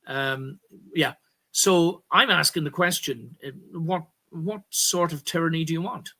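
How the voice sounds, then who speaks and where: Speaking at a measured pace, this Irish commentary host rambles through political talk, correcting himself often and pushing hard on key words in emphatic bursts. His man's voice is on the high side, pushed and bright.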